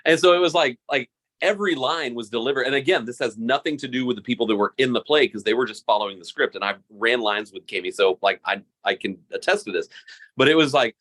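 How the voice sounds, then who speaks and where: A man co-hosting a podcast in casual chat, animated and laughing often, repeating words as he starts sentences. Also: medium pitch, quick pace. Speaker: podcast co-host.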